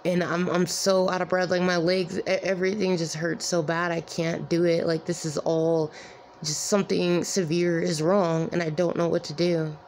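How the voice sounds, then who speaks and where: A weary, distressed woman talking to her viewers in a rambling, halting way, with many repeated "like"s. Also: fairly low pitch, little pitch movement, a little mellow, a little hiss or hum. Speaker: vlogger. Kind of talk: emotional personal vlog.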